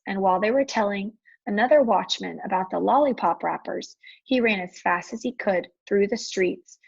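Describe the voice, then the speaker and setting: A woman reads a children's chapter book aloud with steady, clear storytelling. Her voice is husky and a little gravelly, and the recording sounds dull and lo-fi. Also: mid-range voice. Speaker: storybook reader.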